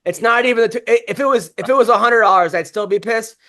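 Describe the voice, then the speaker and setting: A man's voice: extremely high pitch, quick pace, bright, forceful tone. A man hosting a podcast, telling stories in casual chat with constant swearing, restarts and rambling. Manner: profane, rambling storytelling with many restarts. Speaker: podcast host.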